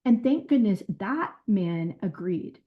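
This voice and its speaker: A woman who was a caseworker, telling her experiences in an interview in an earnest, animated way with quoted dialogue. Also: medium pitch, takes it slowly. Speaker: former caseworker. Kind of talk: recounting stories in an interview. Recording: dull lo-fi sound.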